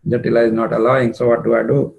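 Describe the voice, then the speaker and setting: A man's voice: mid-range voice, level tone, very fast, creaky, darkish tone. A devoted young woman heroine speaking plainly and from the heart, told by a man in his own voice. She sounds earnest and simple, a figure in a devotional story told aloud. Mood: longing.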